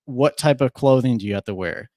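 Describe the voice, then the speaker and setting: A man's voice: mid-range voice, brisk, a little mellow, dry recording, studio quality. Easygoing young man from Minnesota. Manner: easygoing, many filler words and restarts. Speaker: podcast guest. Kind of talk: casual chat.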